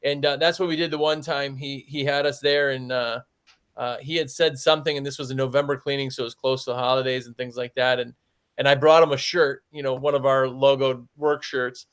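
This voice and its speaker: With a smooth, medium-pitched voice and a steady tone, a window cleaning business owner talks a little fast as he chats on a podcast. He's a chatty storyteller who uses "like" over and over.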